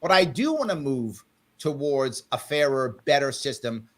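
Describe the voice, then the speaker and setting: A man hosting a live panel talk show by video call, calmly but firmly trying to settle a heated guest. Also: mid-range voice, normal speed. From South Bronx, New York. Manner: firm, tries to calm a heated guest. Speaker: host.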